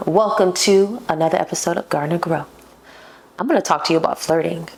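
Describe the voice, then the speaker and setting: A woman's voice: lowish voice, fairly quick. A young woman hosting a casual solo podcast, talking playfully and poking fun at herself. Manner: playful and self-mocking, laughs at herself. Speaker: podcast host.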